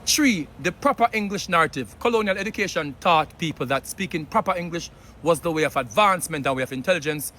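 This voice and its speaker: A man's voice: a little high, expressive, quick pace, bright, forceful tone. A Jamaican man giving earnest commentary, slipping patois into his English. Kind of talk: opinion commentary.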